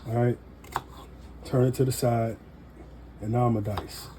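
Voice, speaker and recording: A man giving a casual cooking demonstration in a relaxed, folksy way with joking asides. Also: medium pitch, a little slow, background noise. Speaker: home cook demonstrating knife skills.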